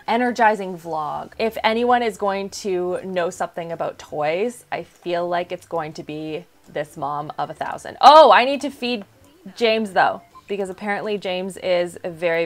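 A young woman commentating a life-simulation game in a chatty, playful way, often gasping and laughing. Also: medium pitch. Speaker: gaming YouTuber. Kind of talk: casual Let's Play commentary.

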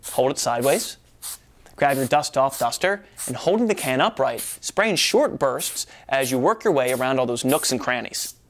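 A man giving a playful, exaggerated comedic demonstration as a presenter. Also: mid-range voice. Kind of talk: comedic product demo.

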